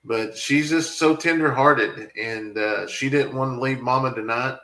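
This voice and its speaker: A man's voice: mid-range voice, measured pace, pushed and bright, echoey room, poor audio. A man, a family farm vlogger, rambling and emotional as he talks back to viewer comments in a casual live stream.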